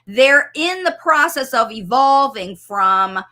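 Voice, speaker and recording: Bright, lively-voiced woman coaching parents. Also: high voice, takes it slowly. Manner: expressive, enthusiastic, explains with everyday examples. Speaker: speech-language pathologist coach. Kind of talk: live coaching stream.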